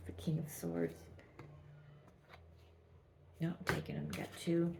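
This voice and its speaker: A woman with a low, gravelly voice reads tarot cards in a gentle, halting way, often restarting her sentences. Her delivery stays flat and even, with a mellow, dark tone. Faint noise sits behind her. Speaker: tarot reader. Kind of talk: channeled tarot reading.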